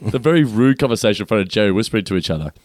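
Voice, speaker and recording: A man's voice: fairly low pitch, animated, very fast, darkish tone, dry recording, studio quality. A man, a podcast co-host casually recapping a sitcom, laughing often and stammering into his points.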